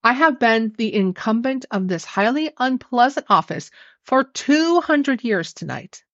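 A woman's voice: on the high side, expressive, measured pace, a bit bright, no room sound. Woman reading as a haughty water ghost. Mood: aggrieved. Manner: haughty, formal. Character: indignant drenched female ghost, two centuries dead. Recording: dry, dull lo-fi recording.

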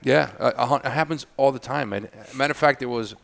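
A man guest on a talk show, telling stories in a casual, animated way and laughing often. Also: mid-range voice, fast, creaky. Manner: animated, laughing, loud when imitating others. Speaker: guest, cigar maker. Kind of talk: casual storytelling chat. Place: indoor studio, on a couch.

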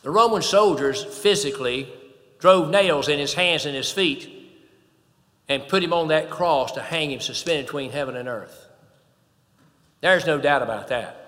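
A man's voice: fairly high pitch, normal speed, long pauses, a bit bright, big-room sound. A man preaching a sermon, emphatic, swelling and dropping in volume.

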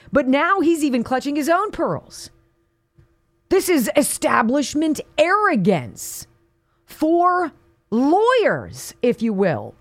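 Woman, talk radio host; punchy, slangy, swooping delivery, slightly high voice. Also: no echo. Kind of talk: opinionated political talk radio.

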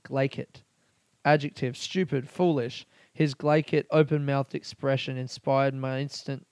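A man's voice: medium pitch, very animated, moderate pace, vocal fry, a little mellow, no echo. A man hosting a casual solo podcast, rambling and swearing freely as he talks. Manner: rambling, profane and laughing. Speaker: podcast host.

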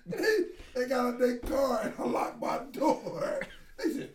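A man's voice: very high voice, very animated, slow pace. A man co-hosting a podcast, chatting bluntly and often laughing. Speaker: podcast co-host. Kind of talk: casual chat. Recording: echoey room, distant mic, faint noise.

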